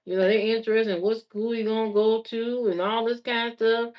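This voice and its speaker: A woman's voice: on the high side, fairly quick, highs cut off. Chatty woman spinning a story. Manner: lively storyteller who repeats phrases for emphasis; colloquial, chatty delivery. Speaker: streamer telling stories to viewers. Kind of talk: casual anecdote telling.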